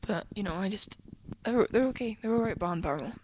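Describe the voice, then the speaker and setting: A teenage girl from England chatting casually in a vlog, rambling and giggling, often trailing off into soft whispery asides as she sits at home. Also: medium pitch, lively intonation, fairly quick, slight background noise, rough recording. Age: teens. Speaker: vlogger answering a friend's questions. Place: indoors, at home, sitting on a desk.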